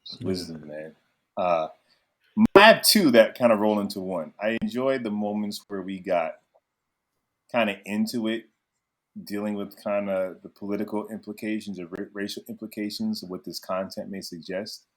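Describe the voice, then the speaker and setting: Low-voiced man co-hosting a podcast. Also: moderate pace. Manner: reflective, steers the conversation. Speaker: podcast co-host. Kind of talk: casual chat.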